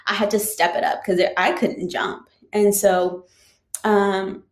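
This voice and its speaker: A woman's voice: mid-range voice, little pitch movement, a little slow. Chatty woman telling her story. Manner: chatty, frequent "like" and "um" fillers. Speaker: teacher sharing a personal story. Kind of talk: casual personal storytelling. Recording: roomy echo.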